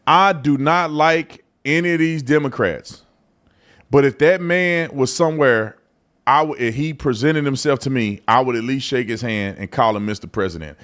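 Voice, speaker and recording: A man's voice: mid-range voice, moderate pace, fairly bright tone. A man from Texas with a Texan accent, hosting a live political commentary show in a blunt, mocking, slangy way. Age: adult. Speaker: host.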